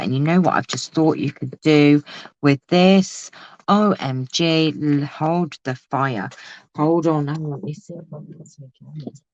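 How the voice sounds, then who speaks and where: A woman's voice: low voice, no echo, low-quality recording. A woman chatting casually while crafting on a live video, talking exclaimingly and laughing often. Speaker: crafting vlogger.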